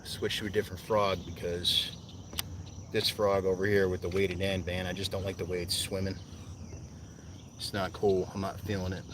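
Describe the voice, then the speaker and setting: Man from New Jersey, low-pitched, easygoing fishing streamer on a kayak; outdoor insect noise in the background. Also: level tone, normal speed, distant mic. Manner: laid-back, rambling, talks to viewers while fishing. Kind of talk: casual live-stream chat.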